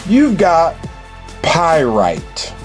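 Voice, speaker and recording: A man's voice: on the high side, huge pitch swings, extremely slow, faint music behind, exaggerated voice. A man voicing a stern, know-it-all grade-school teacher who corrects a kid dismissively.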